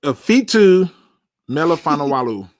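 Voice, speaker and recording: Dry-sounding animated male sports host. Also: fairly high pitch, slow, no echo. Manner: animated, swears, laughs at himself. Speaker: podcast host. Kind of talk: casual sports talk.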